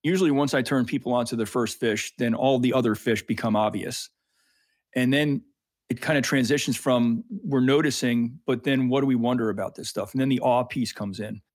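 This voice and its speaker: A man who guides freshwater snorkeling trips talks about fish and streams in an enthusiastic, animated interview voice full of fillers. His voice is mid-range at a moderate pace, and the recording is dry.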